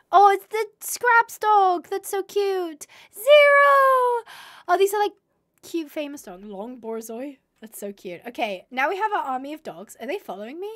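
Young woman, live game commentary, high voice, bouncy swings in pitch, chatty with viewers. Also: a bit bright. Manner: gushing, squealing over cute animals. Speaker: live-stream gamer.

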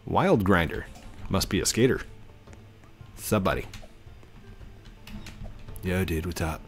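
Excitable male gaming vlogger. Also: sits low, soft background music. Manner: excitable, rushed, joking. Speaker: gaming channel host. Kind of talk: game commentary.

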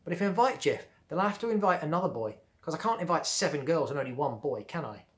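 A man's voice: on the high side, expressive, fast talker, lightly acted. A male teacher reading the lines of a shy, timid schoolgirl, lifting his voice a little.

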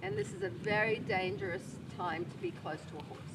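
An animated woman explains how to read a horse, her pitch swinging widely as she acts out little voices. She is recorded outdoors from a distance. Loud ambient noise sits under her voice. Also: brisk, vocal fry. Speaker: horse trainer.

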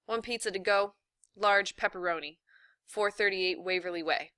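A woman's voice: mid-range voice, moderate pace, bright, forceful tone, no echo, studio quality, close to an everyday voice. A woman voicing a brash, boastful seventh-grade football boy in a read-aloud story. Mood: cocky.

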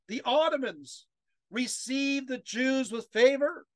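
Male lecturer on a video call, high-pitched, emotional, prone to restarts and rhetorical questions. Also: moderate pace, a bit bright, no echo. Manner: emotional, chokes up while reading quotes; many fillers and restarts, asks the audience rhetorical questions.

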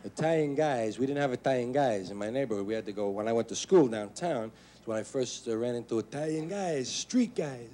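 A man's voice: medium pitch, lively intonation, fairly quick. A man doing a stand-up comedy monologue in a wry, conversational storytelling manner. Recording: live show, noisy crowd.

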